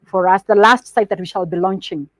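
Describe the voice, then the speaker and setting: A woman with a Kenyan accent presents business plans to partners in a steady, instructive manner, moving between English and Swahili within a sentence. Her pitch sits in a middle range. The recording is dry and close, with no room echo. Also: a little fast. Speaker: company presenter.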